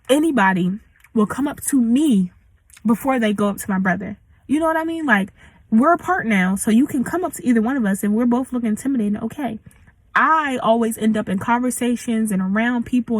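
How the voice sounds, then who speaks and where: A woman's voice: a little high, dry recording, rough recording. A young woman in her late teens venting in a casual storytime rant, slangy and full of likes. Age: young adult. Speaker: vlogger.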